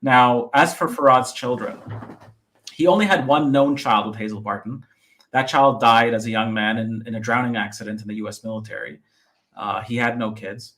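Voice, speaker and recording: A man's voice: medium pitch, normal speed, fairly bright tone. Methodical man walking through research points. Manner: methodical, lists points by number. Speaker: author discussing his book. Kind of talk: podcast interview, explaining research.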